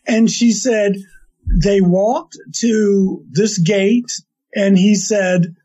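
A man recounts a story he heard, wandering back and restarting as he quotes the people in it. His voice sits high but sounds mellow and breathy. The recording is muffled and lo-fi. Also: fairly even intonation, very slow. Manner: rambling, with restarts and quoted dialogue. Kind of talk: casual retelling of an anecdote. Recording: dull lo-fi sound.

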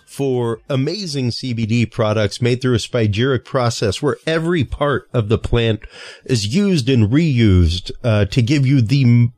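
A man's voice: medium pitch, a little mellow, dry recording. A man hosting a podcast, reading sponsor plugs and then chatting with a guest, often restarting with fillers. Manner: halting, many fillers and restarts. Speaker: podcast host. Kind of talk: casual interview chat.

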